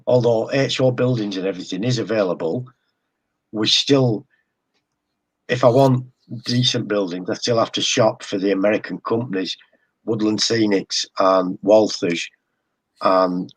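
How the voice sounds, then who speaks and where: A man's voice: lowish voice, slightly rough. An English man chatting as a guest about his hobby, hesitant and often repeating words. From England. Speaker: guest model railroader. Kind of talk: casual live-stream chat.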